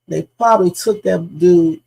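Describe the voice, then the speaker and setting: A woman's voice: on the low side, unhurried, vocal fry, dark tone, husky, low-quality recording. A woman hosting a live reaction stream, speculating emphatically with casual slang and repeating her points. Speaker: livestream host.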